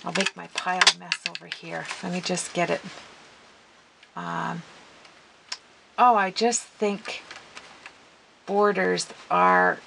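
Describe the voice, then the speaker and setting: Slow, gushing woman with a gravelly voice. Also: fairly low pitch, noisy background. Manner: gushing, excitable, talks to viewers while working. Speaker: craft vlogger. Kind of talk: casual craft demonstration.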